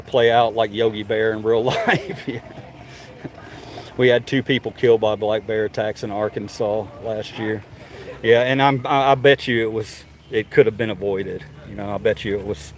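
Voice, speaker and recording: A man's voice: lowish voice, a little hiss or hum. Chatty man vlogging outdoors. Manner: chatty, talks to viewers and animals. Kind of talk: casual walking vlog. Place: outdoors at a zoo.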